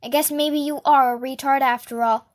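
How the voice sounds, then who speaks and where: A woman's voice: sits high, steady tone, normal speed, natural voice. A woman reading aloud and voicing a menacing grown man who sneers at two kids. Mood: sneering. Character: brutal adult male villain, menacing and sneering.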